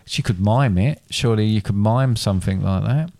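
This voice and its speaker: A man's voice: lowish voice, moderate pace, gravelly, warm tone, dry recording. A man casually retelling a fairy tale in a chat, rambling and correcting himself as he goes. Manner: rambling, self-correcting storyteller.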